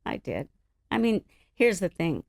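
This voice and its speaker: A middle-aged woman from the Los Angeles area, an interview guest telling stories in an animated, laughing way. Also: fairly low pitch, measured pace, gravelly, slight background noise. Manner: animated, laughing, acts out other people's voices. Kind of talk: casual storytelling chat.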